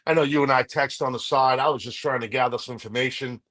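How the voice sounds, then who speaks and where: A man speaking as a guest on a live stream over a video call, his voice at an ordinary male pitch. He answers in short, laid-back bursts, nodding along with the host. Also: fairly even intonation, fast, a bit bright. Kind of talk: casual live-stream chat. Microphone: video call setup.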